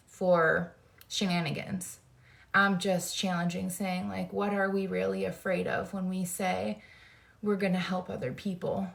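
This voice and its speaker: A woman in her forties hosting a casual faith talk, speaking in an earnest, rambling, heartfelt way. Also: medium pitch. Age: 40s. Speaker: host.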